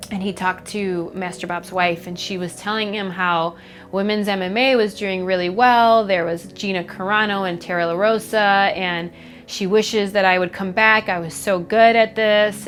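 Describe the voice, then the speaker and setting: A young woman from Chicago telling her personal story in a documentary interview, candid and reflective, halting often with fillers. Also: medium pitch, fairly bright tone. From Chicago, USA. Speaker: MMA fighter. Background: faint background music.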